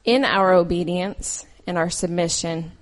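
A woman's voice: on the low side, fairly even intonation, measured pace. Woman, sermon, scripture reading, earnest, conversational, personal stories. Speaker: lay preacher.

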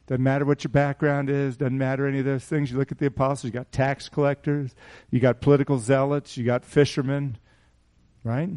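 With a mid-range, darkish voice, this man preaches a sermon to a small congregation as their pastor. Casual asides and rhetorical questions alternate with passages of scripture delivered loudly.

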